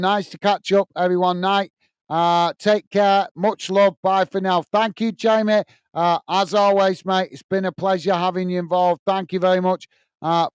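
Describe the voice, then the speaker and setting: A man's voice: sits high, clear, resonant tone, no echo. A British man hosting a casual live stream, reading out viewer comments and thanking them with lots of "uh" fillers and friendly sign-offs. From United Kingdom.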